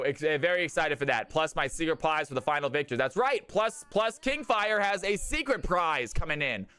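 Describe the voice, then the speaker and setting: Young male stream host, casual and excitable, crisp clear voice. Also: fairly high pitch. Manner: excitable, shouts and cheers on sudden hype. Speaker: streamer hosting a community game night. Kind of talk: casual live-stream chat.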